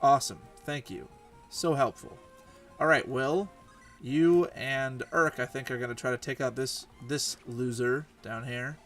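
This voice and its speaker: A man's voice: mid-range voice, a little slow, fairly bright tone, recorded from a distance, faint music behind. A man giving rambling, exasperated commentary while playing a game. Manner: rambling, exasperated, self-deprecating. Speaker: let's play host. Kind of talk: casual gameplay commentary.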